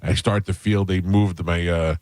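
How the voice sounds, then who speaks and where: A radio host telling a long, self-mocking story in a casual, rambling way, with restarts, into a close studio mic. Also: male voice, low voice, steady tone, moderate pace, darkish tone, no echo.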